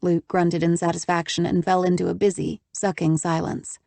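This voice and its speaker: A woman narrating an audiobook in a steady, measured way. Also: lowish voice, gravelly, no echo.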